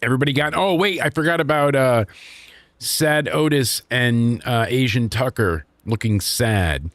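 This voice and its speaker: A man's voice: mid-range voice, unhurried, fairly bright tone, dry recording. Young man, sarcastic, swears a lot, wrestling recap, dry close sound. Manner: sarcastic, crude, acts out quotes. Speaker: podcast host reviewing wrestling. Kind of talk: casual profane recap.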